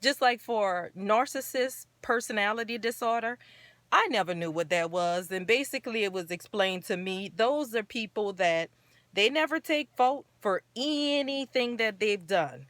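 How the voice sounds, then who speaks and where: A woman's voice: on the high side, a little slow, fairly bright tone, no room sound. A woman hosting her own talk show, speaking earnestly and encouragingly in a rambling, casual way. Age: adult parent. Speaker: show host.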